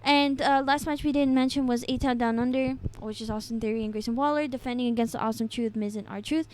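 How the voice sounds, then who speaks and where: A young woman with a slightly high voice talks through a casual podcast recap. She is chatty and giggly and fills her pauses with ums and little hedges. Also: steady tone, darkish tone. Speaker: podcast co-host. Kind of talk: casual wrestling recap chat.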